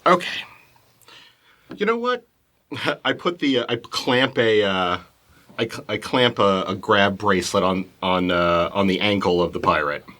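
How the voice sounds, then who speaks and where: Man, tabletop player, low pitch, bright tone, very lively intonation. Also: unhurried. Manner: animated, laughs often. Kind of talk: casual tabletop game play.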